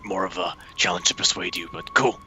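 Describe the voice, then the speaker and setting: A man's voice: low-pitched, fairly quick, crowd noise. A man playing his character in a tabletop game, earnest and playful. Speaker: player. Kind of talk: tabletop role-play.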